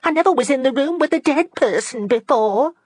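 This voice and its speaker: A woman reading an audiobook, voicing a sharp, impatient young gentlewoman who speaks in quick, petulant questions. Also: high voice, expressive, no echo, clean studio sound, voice pushed up. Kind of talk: audiobook character voice.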